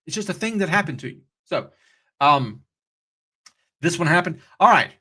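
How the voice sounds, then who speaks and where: A man's voice: a little high, very animated, normal speed, pushed and bright, breathy edge. A man hosting a live trading stream, chatty and upbeat, easily sidetracked as he talks through charts. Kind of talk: casual live-stream commentary.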